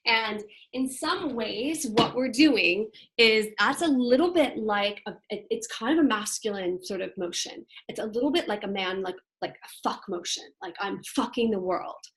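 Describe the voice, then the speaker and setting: A woman's voice: on the high side, normal speed, hardly any pauses, fairly bright tone. Give me a chatty woman leading a workshop. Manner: casual and chatty, with many fillers; demonstrates breathing exercises aloud. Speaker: women's leadership workshop leader. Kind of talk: guiding a group class.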